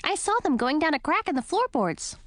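Storybook bat: high, lively, kind and fretful female, read by a woman, dry close sound. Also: fairly quick, no room sound. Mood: fond. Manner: high chirpy voice.

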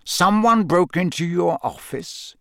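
A man doing a growling, gruff old auror. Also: high-pitched, lively intonation, fairly bright tone, no room sound, studio quality, pitched above the performer's own voice, full character voice. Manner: growling, slow, menacing.

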